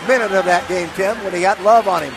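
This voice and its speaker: A man's voice: high-pitched, quick pace, gravelly, background noise. A man giving live basketball color commentary with folksy, analytical remarks to his broadcast partner. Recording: broadcast with arena crowd behind. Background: arena crowd.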